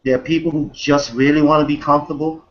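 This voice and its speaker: A man's voice: little pitch movement, fast, muffled recording. A man hosting an online business call, pumping up his listeners with motivational talk and repeated "guys". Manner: hyped, repeats "guys", pitches a sign-up. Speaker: host. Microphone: video call.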